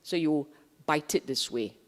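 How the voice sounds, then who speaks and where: A woman's voice: deep voice, unhurried, in a large hall. A middle-aged woman with a Singaporean English accent gives a casual, joking Dhamma talk, repeating phrases for emphasis. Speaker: Buddhist Dhamma speaker.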